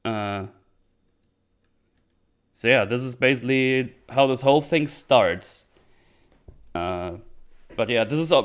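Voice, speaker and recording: A man giving casual livestream commentary on a TV show, rambling and hesitant as he thinks aloud. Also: lowish voice. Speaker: streamer reviewing a TV show.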